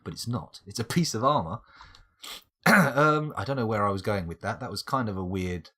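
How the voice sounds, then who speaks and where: A man's voice: on the low side, expressive, moderate pace, a bit bright. A man giving casual live-stream gameplay commentary, rambling off into playful tangents and wordplay. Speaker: game streamer.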